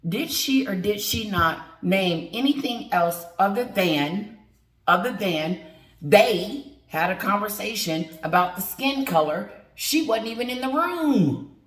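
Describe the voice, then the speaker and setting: A woman's voice: mid-range voice, expressive, slow. A middle-aged woman ranting with sass and emphasis in an opinion vlog, speaking straight to her viewers. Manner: sassy, emphatic, talks straight to viewers and greets them. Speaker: commentary vlogger. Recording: echoey room.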